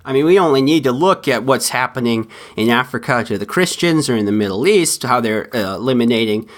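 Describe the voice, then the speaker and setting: A man's voice: mid-range voice, animated, a little fast. Impassioned man hosting a podcast. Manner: impassioned, swings from heated to subdued. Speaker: podcast host. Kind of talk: solo opinion commentary.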